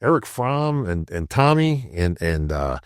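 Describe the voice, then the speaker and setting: Animated older man telling stories. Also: sits low, a little slow, clear, resonant tone, dry recording, clean studio sound. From upstate New York. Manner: animated, acts out quotes, says "bro" and "right?". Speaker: podcast guest. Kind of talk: casual storytelling.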